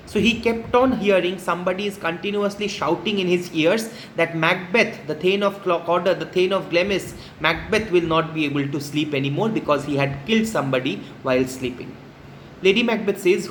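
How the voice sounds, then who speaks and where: A man's voice: sits high, normal speed, fairly bright tone, a little hiss or hum. A male literature teacher patiently explaining a play, paraphrasing each quoted line in plain words. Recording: echoey room with faint ambience.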